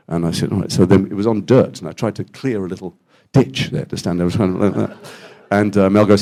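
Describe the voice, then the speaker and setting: A man's voice: sits low, creaky. A man with an English accent, an actor telling stories at a post-screening Q&A in a cinema. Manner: animated, quotes others in quick dialogue. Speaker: actor guest at a Q&A. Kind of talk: anecdotal storytelling. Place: cinema auditorium after a screening.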